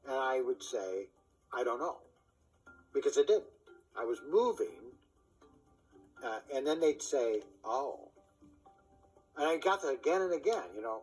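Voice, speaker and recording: A man's voice: medium pitch, sing-song, a little slow, darkish tone, husky, soft background music, poor audio. A man reflecting on a past decision, acting out what other people said to him. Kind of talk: personal story.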